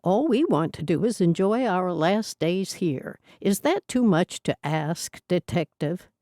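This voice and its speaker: A woman's voice: fairly low pitch, lively intonation, measured pace, mellow, dry recording, clean studio sound. A woman voicing a blunt, irritable elderly Amish sister.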